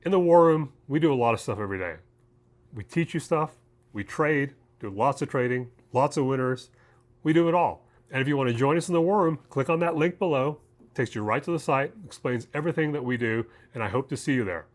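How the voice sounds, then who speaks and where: A man's voice: medium pitch, a little fast. Chatty man explaining trading basics. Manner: chatty, lots of "okay?" and "right?" check-ins; uses homely examples and jokes. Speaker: trading educator, co-founder. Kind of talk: casual explainer talk to camera.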